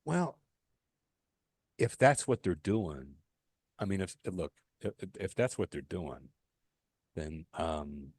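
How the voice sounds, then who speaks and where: A man's voice: low voice, sing-song, slow, long pauses, darkish tone, husky, no echo, studio quality. A man co-hosting a casual podcast, telling a rambling story full of restarts and fillers, swearing casually. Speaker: podcast co-host.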